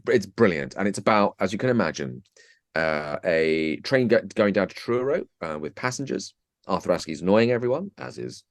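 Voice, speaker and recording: A man talking as a guest on a podcast, chatty and self-mocking, dropping into quick impressions. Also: low-pitched, dry recording, clean studio sound. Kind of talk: casual chat.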